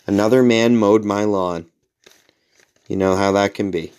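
Low-voiced man telling rambling stories. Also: steady tone, measured pace, long pauses, darkish tone, clear, resonant tone. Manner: rambling and self-mocking, with mild swearing; jumps high in pitch to act out quoted lines. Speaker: podcast host. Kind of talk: casual storytelling monologue.

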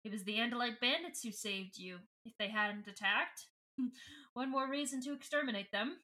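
A woman's voice: fairly high pitch, moderate pace, pushed and bright. A woman voicing an arrogant male alien warlord who taunts in a smug, menacing way.

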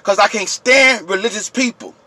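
High, bright-voiced man ranting loudly. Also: normal speed, husky, no echo. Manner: yelling, preachy, repetitive, addresses viewers directly. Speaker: channel host. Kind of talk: impassioned vlog rant.

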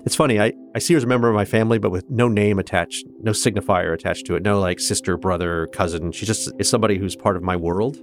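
A man's voice: fairly low pitch, quick pace, few pauses, soft background music. A man in his fifties from Kansas, a guest telling his own story earnestly and reflectively, with hesitant restarts. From Kansas, USA. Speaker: interview guest. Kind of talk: personal storytelling in conversation.

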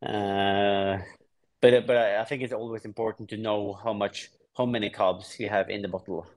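Relaxed man from Norway, low voice. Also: moderate pace. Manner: relaxed, explains plainly with frequent restarts. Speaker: guest triathlete. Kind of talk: casual podcast interview.

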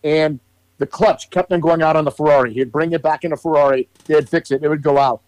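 A man co-hosting a casual podcast, rambling through long explanations with plenty of fillers and a bit of swearing. His voice sits a little high for a man. The sound is close and dry, with no room echo. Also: fairly even intonation, a little fast, darkish tone. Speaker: podcast co-host. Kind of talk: casual chat.

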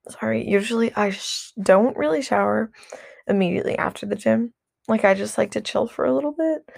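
A woman's voice: mid-range voice, gravelly, darkish tone, dry recording, clean studio sound. A young woman vlogger chatting casually about her routine, rambling with lots of "like" and restarts, candid and swearing. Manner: rambling, heavy use of "like", frequent restarts.

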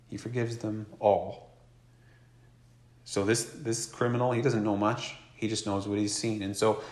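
Conversational preacher in an echoey hall. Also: male voice, medium pitch. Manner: conversational, acts out quoted voices. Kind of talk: sermon.

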